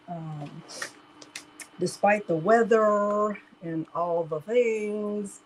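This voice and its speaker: A woman's voice: medium pitch, extremely slow, pauses often, a little hiss or hum, poor audio. Chatty woman hosting a craft livestream. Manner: chatty, talks straight to viewers as "y'all", laughs often. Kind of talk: casual live tutorial chat.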